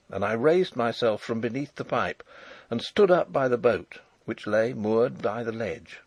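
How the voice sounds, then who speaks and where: A man reading a novel aloud as an audiobook narrator, in a measured, dramatic storytelling manner. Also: medium pitch, expressive, vocal fry, slightly rough, no room sound. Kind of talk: first-person audiobook narration.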